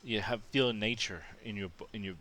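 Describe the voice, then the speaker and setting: A man's voice: fairly low pitch, fairly quick, fairly bright tone, slight background noise. A man from Australia telling a rambling personal anecdote as a casual monologue, with frequent restarts and asides.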